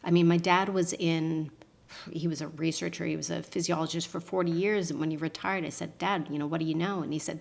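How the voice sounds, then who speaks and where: A woman, a podcast guest telling a personal story with lively voice shifts for the people in it. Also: low-pitched, fairly quick, vocal fry. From Canada. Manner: acts out quotes with lively voice shifts and laughs.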